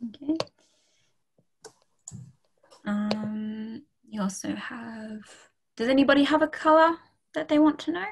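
Woman tutor, unhurried and chatty, filler-heavy casual delivery, video call audio. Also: on the high side, vocal fry, a little hiss or hum, poor audio. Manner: slow, friendly, many ums and okays. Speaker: French tutor. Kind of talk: casual online language lesson.

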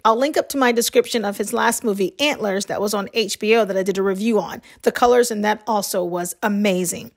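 A woman from the American South with a light Southern accent, reading a film review in a measured, scripted way. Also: a little high. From Southern United States.

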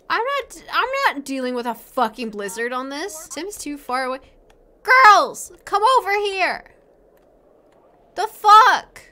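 A woman's voice: high-pitched, sharp tone. A woman hosting a casual let's play, commenting in a profane, exasperated, self-mocking way.

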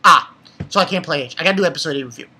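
A young adult anime reviewer giving a casual episode recap, rambling and excitable and swearing freely. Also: mid-range voice, rapid-fire, slight background noise.

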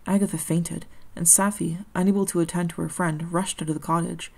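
A woman reading a classic novel aloud as an audiobook, in a measured, steady storytelling manner. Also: fairly low pitch, gravelly. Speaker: audiobook reader.

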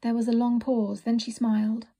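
A woman narrating a children's storybook in a soft, often whispered reading voice. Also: fairly high pitch, little pitch movement, normal speed, husky.

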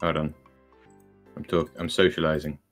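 A man with a very deep voice chatting through a co-op game, low-key and often mumbling. He talks quietly to himself between remarks. Faint game music plays underneath. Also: flat delivery, normal speed. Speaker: co-player. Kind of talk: casual gaming chat.

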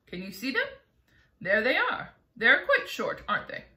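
Storybook: woman as proud old male grasshopper, lively, echoey room. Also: a little high, moderate pace, exaggerated voice. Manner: gentle, proud, lecturing. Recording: roomy echo.

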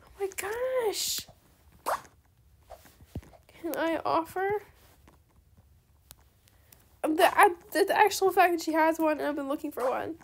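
A young woman giving chatty, excitable commentary on her own game trades, talking straight to her viewers. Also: extremely high pitch, moderate pace, creaky, pauses often. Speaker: gaming video creator. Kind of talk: casual gameplay commentary.

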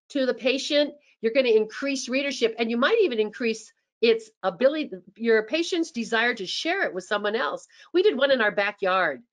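A woman giving a webinar presentation as a dental practice consultant, chatty and animated, acting out sample phone scripts. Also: on the high side. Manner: chatty, with frequent restarts.

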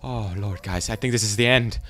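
A young man giving jumpy, frightened let's play commentary, often breaking into loud exclamations. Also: lowish voice, a little fast, soft background music. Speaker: gaming YouTuber.

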